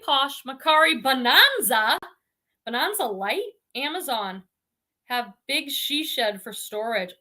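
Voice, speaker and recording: Woman, from the Boston area, livestream host, casual chat, high voice, bright tone, bubbly. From Boston area, New England. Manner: chatty and bubbly, laughs often. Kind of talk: casual live-stream chat reading viewer comments.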